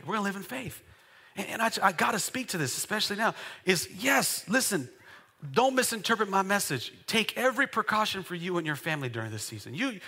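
High-voiced bright preaching man, echoing hall. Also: slightly rough. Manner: call-and-response preaching, builds to loud exclamations. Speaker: pastor. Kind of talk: sermon. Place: church sanctuary. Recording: long church-hall reverb.

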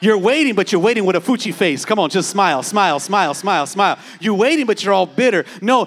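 High-voiced man preaching with fire. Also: expressive, quick pace, few pauses. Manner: builds to shouting exhortation, playful asides. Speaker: pastor. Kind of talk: sermon.

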